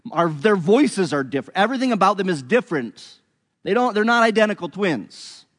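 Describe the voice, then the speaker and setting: A man teaching a bible passage, telling the story in an animated, conversational way. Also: sits high, a little fast, in a large hall.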